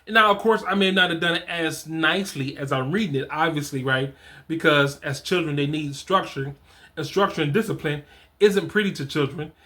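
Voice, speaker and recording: High, bright-voiced man talking. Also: normal speed. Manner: conversational, repeats and restarts phrases, animated. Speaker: fatherhood coach and host. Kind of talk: casual solo talk reading from a program.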